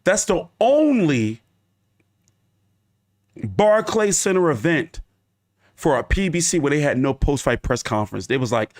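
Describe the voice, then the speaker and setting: Male boxing vlogger, fairly high voice with lively swings, emphatic and profane live rant. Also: measured pace, long pauses. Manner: profane, emphatic ranting with repetition. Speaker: boxing YouTube host.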